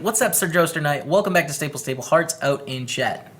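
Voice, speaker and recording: A man's voice: a little high, expressive, moderate pace, music in the background. A man with a Canadian English accent gives upbeat, chatty commentary on his poker hands while streaming live and greeting viewers by name.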